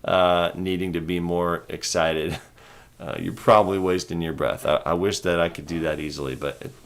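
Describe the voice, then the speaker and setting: A man hosting a stock trading livestream in casual chat. He speaks calmly and rambles, with little inflection. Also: moderate pace. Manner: calm, low-key, rambling delivery with little inflection.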